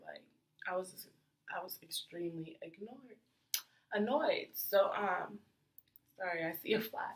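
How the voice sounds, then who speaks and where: A young woman telling a casual storytime in a chatty, animated way with lots of fillers and acted-out reactions. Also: medium pitch, moderate pace, pauses often, roomy sound, rough recording. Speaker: vlogger.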